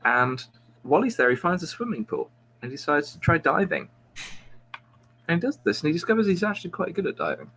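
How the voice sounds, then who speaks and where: A man's voice: a little high, big pitch swings, a little fast, a bit bright, slight background noise, rough recording. Rambling man telling a long joke. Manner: meandering, self-interrupting, chuckles at own joke. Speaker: quiz show host.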